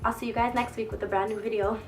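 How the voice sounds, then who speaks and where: With a distant mic and faint music behind her, a young woman talks quickly in a slightly high voice as she vlogs. Her casual storytelling to camera is animated and profane, and she acts out the voices of people she quotes.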